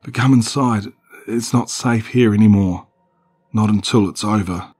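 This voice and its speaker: A man's voice: fairly low pitch, unhurried, a little mellow, slightly rough. A man voicing a middle-aged mother who cries and wails, slipping into madness. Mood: tearful. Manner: crying, wailing, pleading. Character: frantic mother, middle-aged woman, unhinged.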